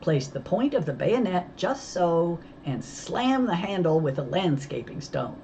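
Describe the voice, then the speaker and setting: A woman reading a children's novel aloud, telling it with lively storytelling. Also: on the low side, a little slow, a little hiss or hum, poor audio. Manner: lively storytelling, voicing characters. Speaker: audiobook reader.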